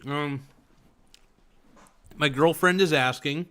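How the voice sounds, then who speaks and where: A man's voice: a little high, slow pace, sharp tone, clear, resonant tone. A young man live-streaming from home, reading chat aloud in a rambling, joking, self-mocking way. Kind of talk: casual livestream chat.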